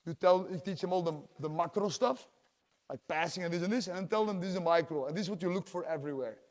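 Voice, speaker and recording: A talkative male jiu-jitsu coach, a Dutch native speaker, explains technique to a class and keeps checking in with "yeah?". His voice sits a little high for a man. It rings with long reverb, as in a big training hall. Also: quick pace. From Belgium. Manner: talkative, tags lines with "yeah?", acts out quotes. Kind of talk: teaching a class, casual explanation.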